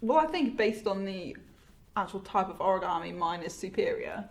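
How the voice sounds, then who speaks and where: A woman's voice: medium pitch, animated, normal speed, reverberant. A woman co-hosting a casual youth-group video, giggly and easily shocked. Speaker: co-host. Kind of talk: casual chat.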